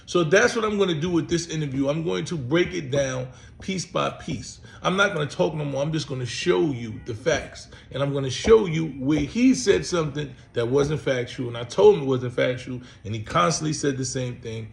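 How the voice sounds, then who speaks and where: A man's voice: fairly high pitch, lively intonation, moderate pace, vocal fry, few pauses. A man hosting his own channel, talking bluntly and emphatically in casual commentary, often repeating himself. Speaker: host.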